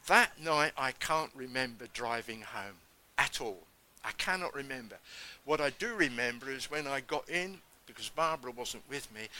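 A man giving an emphatic sermon testimony, telling his story and acting out the words of others with big swings in pitch. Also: bright, forceful tone, rough recording.

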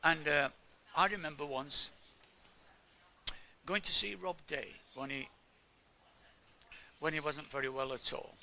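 A man's voice: fairly high pitch, measured pace, gravelly, long pauses, bright, forceful tone, a little hiss or hum. An older man from England giving an informal sermon, chatting with his congregation and asking them questions. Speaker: preacher.

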